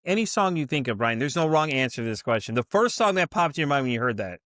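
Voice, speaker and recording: A man hosting a podcast interview, telling a story in a rambling, animated way with many restarts. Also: mid-range voice, quick pace, dry recording, studio quality. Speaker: podcast host. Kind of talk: casual interview chat.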